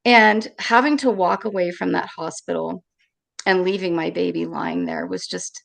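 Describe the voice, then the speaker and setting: A woman being interviewed, telling a painful personal story in an emotional, halting way and repeating her words. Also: lowish voice, creaky. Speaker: interview guest.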